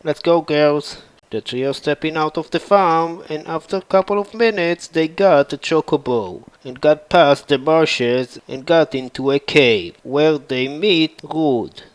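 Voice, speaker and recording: Slow-paced man retelling a game story. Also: fairly high pitch, clear, resonant tone, low-quality recording. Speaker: fan narrator. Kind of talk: narrating a game story over footage.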